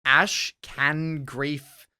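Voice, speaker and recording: A man co-hosting a gaming podcast, talking in a rapid, excitable way with lots of restarts and repeated words. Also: fairly high pitch, smooth. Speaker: podcast co-host. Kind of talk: casual gaming podcast chat.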